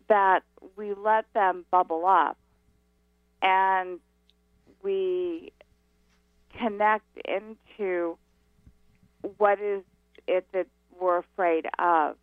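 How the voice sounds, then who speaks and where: A woman guest on a talk radio show calls in and explains spiritual ideas at an unhurried pace. She stresses her key words and lets her phrases land one by one. Her voice comes through a narrow, tinny phone line with a dry, close sound. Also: lowish voice, dry recording. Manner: slow, emphatic teaching. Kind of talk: radio interview.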